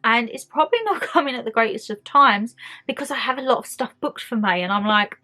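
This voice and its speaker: Woman vlogger, young, chatty and upbeat, slightly high voice, faint music under her. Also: fairly quick, sharp tone. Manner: chatty and enthusiastic, talks straight to viewers. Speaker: beauty and lifestyle vlogger. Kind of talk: casual monthly favourites chat to camera.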